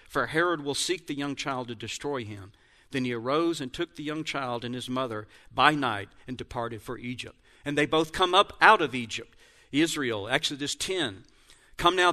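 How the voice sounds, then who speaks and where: A man's voice: on the high side, sharp tone. A man giving a Bible lesson who reads verses aloud, then explains how they compare, now and then correcting himself mid-reading. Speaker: Bible teacher. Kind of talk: Bible teaching with scripture readings.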